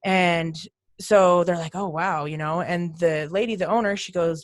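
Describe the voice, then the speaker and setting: A woman's voice: lowish voice, measured pace, dry recording, clean studio sound. A woman guest on a podcast, telling her ghost hunting stories casually and acting out the voices in them.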